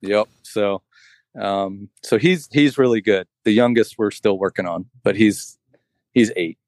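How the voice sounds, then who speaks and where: A man's voice: fairly low pitch, a little slow, darkish tone, dry recording. A man telling a long story in casual chat, rambling with lots of "like" and "you know".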